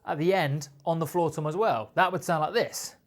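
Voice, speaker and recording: A man's voice: a little high, moderate pace. A man with a British accent teaching a drum lesson, explaining patiently and counting beats aloud. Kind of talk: instructional explanation.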